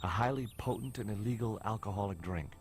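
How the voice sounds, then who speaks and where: A man's voice: fairly low pitch, fast talker, slight background noise, lightly acted. An actor playing a wry male adventure-game hero who narrates his own actions in a dry tone.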